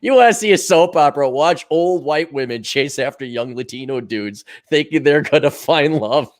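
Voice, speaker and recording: A man's voice: fairly high pitch, expressive, moderate pace. A man co-hosting a podcast in casual banter, profane and mocking. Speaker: podcast co-host.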